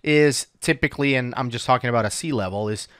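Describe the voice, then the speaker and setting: A man's voice: mid-range voice, quick pace, fairly bright tone, dry recording. A man hosts a casual dive talk with an ordinary mid-range voice. He walks through ideas patiently, checking in with "right?" as he goes. The sound is dry and close. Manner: patient, explains step by step with lots of "right?". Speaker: dive instructor and podcast host. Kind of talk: casual explanatory chat.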